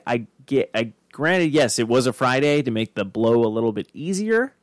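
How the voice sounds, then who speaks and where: A man's voice: mid-range voice, expressive, unhurried, no room sound. Podcast co-host: man in his thirties from Arizona, swears a lot, rambles, dry close mic. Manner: rambling, profane storytelling. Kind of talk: casual chat.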